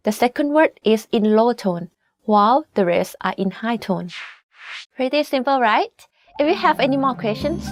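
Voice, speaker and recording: A native Thai-speaking woman teaching a scripted language lesson, explaining clearly and carefully with example words. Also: fairly high pitch, dry recording, clean studio sound.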